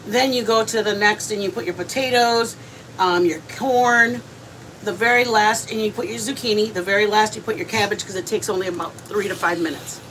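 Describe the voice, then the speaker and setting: A chatty woman hosts a relaxed cooking livestream from her home kitchen, talking viewers through each step as she eats. Her voice sits mid-range. Steady household background noise runs underneath. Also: medium pitch, fairly quick, rough recording. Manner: chatty, explains steps to viewers. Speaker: cooking channel host. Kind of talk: casual livestream chat.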